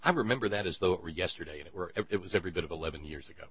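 A man hosting a talk radio show, commenting sarcastically on played clips in an animated way. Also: sits low, rapid-fire, slightly rough. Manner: sarcastic, animated, mocking voices in quotes. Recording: dull lo-fi radio audio with mains hum.

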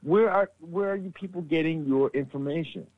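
Speaking at a moderate pace in a fairly high-pitched voice, a man co-hosts a laid-back political chat podcast. His dull lo-fi microphone picks up no room sound as he rambles and curses, stammering and starting over.

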